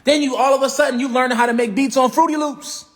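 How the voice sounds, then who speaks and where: Man, high-pitched, motivational livestream coach who preaches and repeats himself for emphasis. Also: fairly even intonation, quick pace. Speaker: real estate coach.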